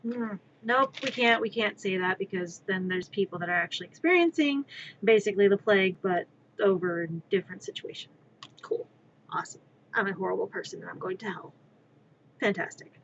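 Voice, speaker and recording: This crafting streamer speaks briskly in a mid-range voice over dull audio carrying a little hiss or hum. She rambles with wry bluntness, swearing freely, and her voice swings into loud exclamations.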